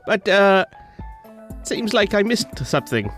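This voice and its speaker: A man voicing a polite, confused adventurer who speaks haltingly. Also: high-pitched, very animated, a bit bright, soft background music, pitched above the performer's own voice, heavily acted. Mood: puzzled polite.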